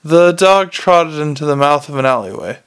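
A man's voice: fairly high pitch, animated, moderate pace, fairly bright tone, clean tone. A man narrating a novel aloud in a plain, unpolished reading with frequent restarts. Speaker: audiobook reader.

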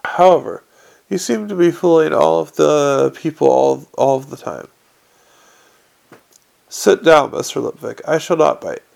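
A man's voice: a little high, unhurried, gravelly, pauses often, darkish tone. A man voicing a sly, teasing old lady. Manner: dry, teasing, slyly blunt. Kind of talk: audiobook character reading.

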